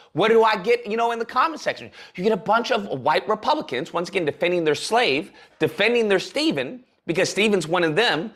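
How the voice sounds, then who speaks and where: A man's voice: high-pitched, a bit bright. A man giving heated, sarcastic commentary on a livestream, ranting at length. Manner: heated, sarcastic, speaks in long rants. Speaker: political commentator.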